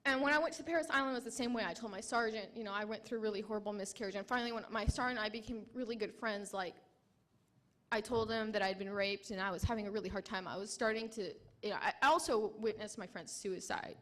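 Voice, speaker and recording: A young adult woman, a military veteran, giving a personal testimony at a conference in an emotional, halting way with many restarts. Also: mid-range voice, a bit bright.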